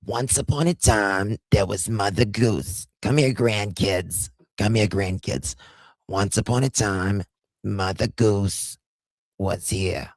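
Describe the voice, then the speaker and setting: A man mimicking a loud older woman telling a bedtime story in a mocking, sing-song way. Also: on the low side, slow pace, dry recording.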